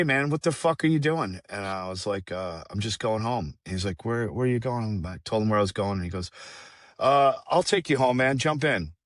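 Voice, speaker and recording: Low-voiced man telling a raw story. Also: a bit bright, no echo, clean studio sound. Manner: rambling, profane, halting with restarts. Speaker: guest singer. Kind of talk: candid storytelling.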